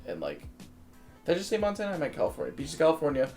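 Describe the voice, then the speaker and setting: A man's voice: fairly high pitch, very fast. A young man hosting a laid-back talk show, his voice bouncing up and down as he jokes about himself. He talks casually and animatedly, with faint music underneath. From New Jersey. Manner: animated, self-deprecating banter. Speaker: podcast host. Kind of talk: casual chat.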